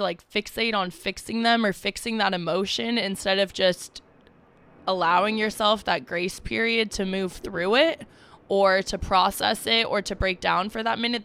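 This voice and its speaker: Gravelly, bright-voiced woman podcast co-host. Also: mid-range voice. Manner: candid, reflective, swears casually. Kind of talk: casual chat.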